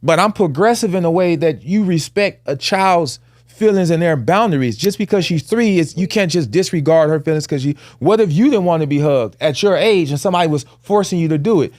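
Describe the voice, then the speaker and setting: Podcast host, male, fairly high voice, emphatic and heated, dry close sound. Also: animated, a little fast, darkish tone, dry recording. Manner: emphatic, rising to heated telling of a story. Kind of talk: casual podcast talk.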